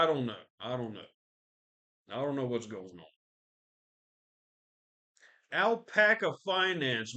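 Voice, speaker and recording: Ranting about the news on his podcast, a man talks in a fairly high pitch with a fairly bright tone. The delivery is loose and profane, with nonstop swearing, filler words and restarted sentences.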